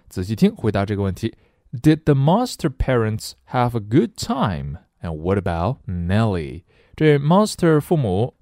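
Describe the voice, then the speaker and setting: In a studio-quality recording with no room sound, a middle-aged man with a mid-range voice teaches English. His recorded language lesson is full of jokes as he explains vocabulary and switches to reading example sentences out loud.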